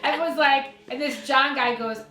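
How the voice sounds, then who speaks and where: Middle-aged woman, storyteller voice, acts out the people in her story, slightly high pitch, echoey room. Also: moderate pace, pushed and bright. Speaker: guest psychic medium. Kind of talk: storytelling in casual chat. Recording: echoey room, faint music.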